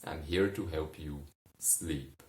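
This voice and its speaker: A grand magical gentleman in a purple suit speaks formally and reassuringly, as a man puts him on. His voice sits low and unhurried. It sounds echoey, caught from some distance off. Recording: roomy, distant mic.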